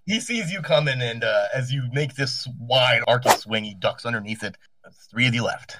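A man's voice: mid-range voice, normal speed, pushed and bright, recorded from a distance. A man running a tabletop role-playing game as game master, describing scenes in a rambling, self-correcting way and laughing often.

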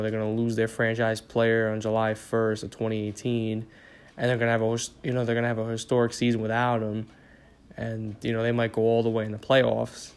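A man's voice: mid-range voice, darkish tone, smooth. A tired young man from the New York area hosting a casual solo podcast, rambling with lots of swearing and filler words. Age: young adult. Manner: rambling, profane, many fillers. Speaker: podcast host.

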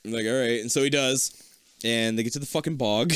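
A man's voice: medium pitch, fairly quick, fairly bright tone, slight background noise. A man in his thirties co-hosting a podcast in casual chat, rambling, swearing freely and laughing often. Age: 30s. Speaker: podcast co-host. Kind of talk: casual chat recapping a cartoon.

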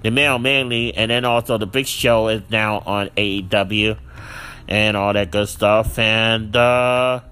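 A man hosting a casual solo podcast, rambling with many fillers and restarts, lively and quick to laugh. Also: lowish voice, clear, resonant tone. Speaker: podcast host.

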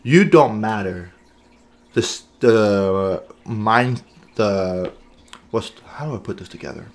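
A man's voice: lowish voice, slow pace, slight background noise. A man co-hosting a podcast in casual chat, earnest and thinking aloud, often checking in with "right?". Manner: earnest, thinks aloud with many "right?" and "you know what I'm saying?". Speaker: podcast co-host.

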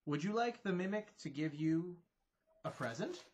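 A man's voice: sits high, animated, normal speed, a little mellow, pitched above the performer's own voice. A man voicing an eccentric, overly polite male trinket peddler in a tabletop game. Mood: polite coaxing. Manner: overly polite, flustered, chirpy.

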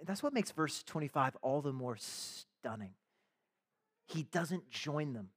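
A pastor delivers a sermon in a conversational, animated way, slipping into the voices of the people in the story and tossing in casual slang. His voice is a man's voice, a touch higher than usual. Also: slow, husky. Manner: conversational preaching, acts out voices of biblical figures with slang asides.

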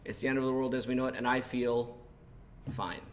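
A young adult male pastor preaching a conversational sermon, with lots of fillers and lively retelling. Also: medium pitch, brisk. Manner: conversational, animated when retelling, many fillers. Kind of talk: sermon with personal story.

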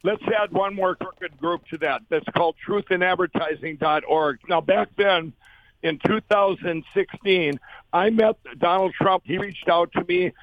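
A man's voice: a little slow, no echo. A man telling his story as an interview guest, earnest and rambling, acting out quoted voices. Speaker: guest, company founder. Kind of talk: conversational storytelling. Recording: dull, dry low-fi sound.

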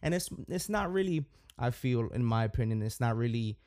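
A man's voice: mid-range voice, expressive, fairly quick, a little mellow, no echo, studio quality. A man hosting a podcast, talking casually and rambling, with lots of fillers and restarts. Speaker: podcast host.

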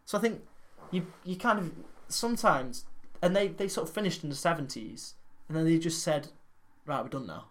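A man's voice: fairly high pitch, expressive, normal speed, few pauses. A man co-hosting a podcast in casual chat, rambling and opinionated, often breaking into laughter. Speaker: podcast co-host.

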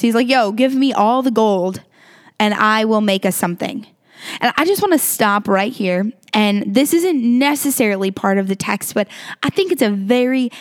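Female preacher, higher voice, casual and earnest delivery. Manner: conversational and earnest, with filler words. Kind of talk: sermon.

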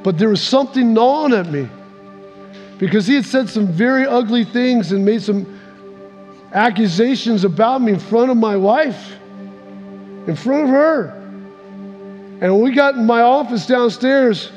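A man's voice: lively intonation, unhurried, long pauses, darkish tone. A male pastor telling a personal story in a sermon, acting out what people said with big swings in voice. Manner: storytelling, acts out quotes with big swings in pitch. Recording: echoey hall with faint music.

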